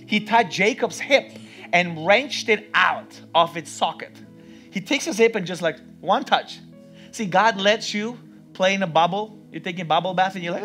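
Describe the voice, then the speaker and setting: A man preaching a sermon in a church, acting out the story with sudden shouts and hushed passages. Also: a little high. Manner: dramatic, acts out voices, swings between loud and hushed. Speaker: pastor. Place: church with live music underneath.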